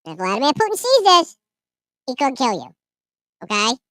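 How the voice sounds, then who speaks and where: A man putting on a high whiny baby voice. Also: huge pitch swings, fairly bright tone, no room sound, heavily acted. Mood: mock-earnest. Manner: slow, simple, sing-song baby talk. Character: whiny baby-talking small child scolding adults.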